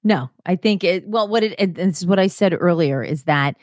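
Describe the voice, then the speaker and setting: A woman's voice: lowish voice, moderate pace, a little mellow, no room sound, clean studio sound. A woman co-hosting a podcast, blunt and scornful in casual chat. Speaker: podcast co-host.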